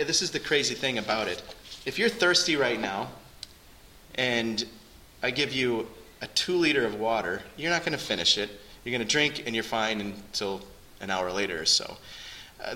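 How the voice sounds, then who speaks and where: A man's voice: mid-range voice, sharp tone, rough recording. A man preaching a sermon to his congregation in an earnest, conversational way. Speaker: pastor.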